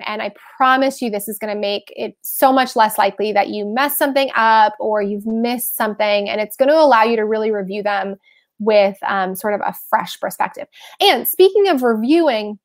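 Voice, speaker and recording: Woman host, higher voice, chatty and frank, animated live-stream advice talk. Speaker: host giving tax tips.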